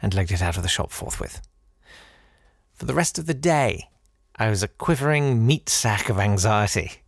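A man's voice: lowish voice, expressive, moderate pace, gravelly, dry recording, clean studio sound. A man hosting a podcast who reads a listener's story aloud, breaking off for wry, digressive asides and theatrical readings. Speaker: podcast host.

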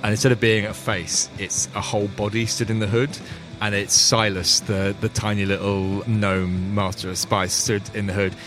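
A man's voice: on the low side, level tone, normal speed, fairly bright tone, faint music behind. A man narrating as game master in a chatty, laughing way.

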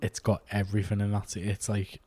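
A man's voice: fairly low pitch, completely flat delivery, fairly quick, warm tone, husky. A man, co-hosting a casual film chat, enthusiastic and rambling. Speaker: film podcast co-host.

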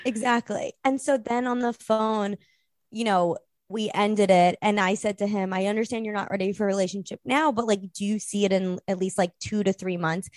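A woman's voice: mid-range voice, fairly even intonation, normal speed, darkish tone, dry recording, studio quality. A young woman, a podcast guest, telling a rambling story in casual chat and acting out the quotes.

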